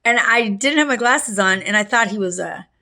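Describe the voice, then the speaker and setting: A middle-aged woman telling a personal story in a casual, rambling way, full of fillers and restarts, with allergies that make her clear her throat. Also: mid-range voice, normal speed, sharp tone.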